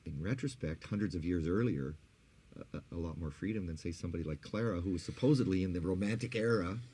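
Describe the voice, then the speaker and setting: A man co-hosting a podcast in casual chat, animated and teasing. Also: low voice, fast talker, husky. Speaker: podcast co-host.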